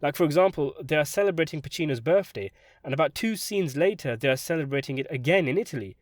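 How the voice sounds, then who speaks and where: A male film critic reading his scripted review with sardonic wit, his pitch bouncing all over the place. His voice sits a bit high for a man. It's recorded dry and close, with no echo. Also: fast talker. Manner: sardonic, animated delivery with sudden jumps for emphasis.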